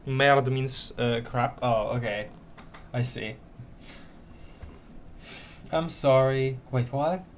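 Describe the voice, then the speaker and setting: A man's voice: mid-range voice, fairly even intonation, takes it slowly, slight background noise. A man streaming a story game, reading dialogue aloud with lots of giggles and playful repeated words.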